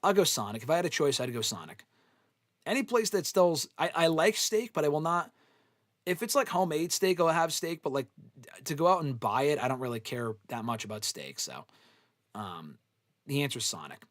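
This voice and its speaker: A man's voice: fairly high pitch, animated, normal speed, fairly bright tone, no echo, studio quality. A young man hosting a live fan Q&A, chatting casually in a blunt, profane, offhand way. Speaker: host answering fan questions.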